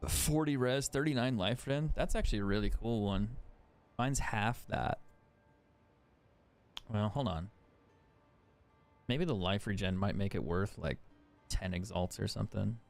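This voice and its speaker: A man's voice: fairly low pitch, unhurried, gravelly, pauses often, soft background music. A young man chatting casually as a game streamer, swearing freely and laughing often. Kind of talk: casual gaming stream commentary.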